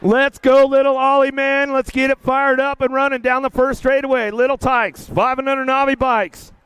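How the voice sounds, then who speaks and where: An older man calling a kids' bike race live, energetic and chatty, getting a bit emotional. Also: very high voice, moderate pace, clean tone. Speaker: race announcer. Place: outdoor race track.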